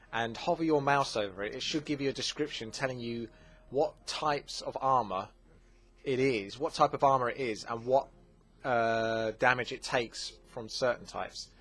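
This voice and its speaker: Male game commentator, casual Q&A, chatty, many fillers, mid-pitched voice. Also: fairly bright tone. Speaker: gaming channel host.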